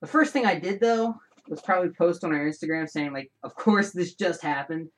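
Rambling, lively man hosting his show. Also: fairly high pitch, a little fast, slight background noise. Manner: rambling, animated, frequent restarts and asides. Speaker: show host. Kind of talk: casual solo podcast chat.

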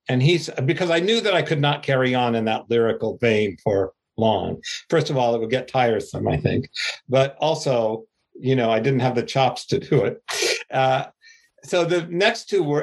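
An older author with a mid-range voice gives a slow, rambling interview answer, self-deprecating as he goes.

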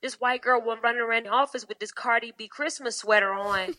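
Bright-voiced blunt woman telling stories. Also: on the high side, a little fast, rough recording. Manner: blunt, profane, animated storyteller. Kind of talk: casual podcast chat.

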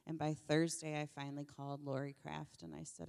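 A woman telling her personal story of struggle in an earnest, emotional way, her voice often dropping soft. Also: low voice, little pitch movement, fairly quick, vocal fry, few pauses, big-room sound. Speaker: church member sharing testimony. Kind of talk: personal testimony on stage.

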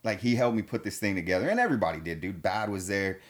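A man with a fairly low voice tells a long story in a relaxed conversation. He is slangy and laid-back, swears constantly, and keeps calling his listeners dude and man. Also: quick pace. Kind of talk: casual storytelling.

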